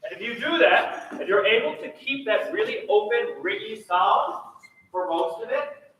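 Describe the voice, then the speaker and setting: Guy coaching a choir, high bright voice, pretty energetic, echoey room, mic kinda far off. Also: moderate pace, slight background noise. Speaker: choir director. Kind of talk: choir rehearsal instruction.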